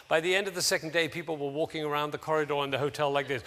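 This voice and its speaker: A man speaking to an audience of teachers, theatrical and animated, acting out the people he quotes in sudden high voices. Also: rapid-fire, few pauses, long reverb tail, a little hiss or hum.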